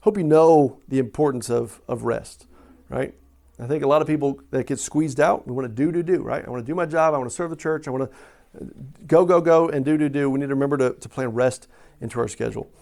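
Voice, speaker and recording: A man's voice: medium pitch, quick pace, vocal fry, darkish tone. A middle-aged man preaching a sermon in a conversational way, asking questions and often checking in with "right?". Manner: conversational, asks questions and tags lines with "right?". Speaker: pastor.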